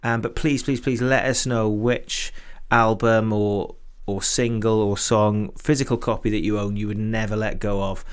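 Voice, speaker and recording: A man's voice: on the low side, little pitch movement, normal speed, few pauses, smooth. British guy hosting a chatty online launch stream, reads out comments, laughs a lot. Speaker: host. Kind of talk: casual chat on a livestream. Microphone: video call.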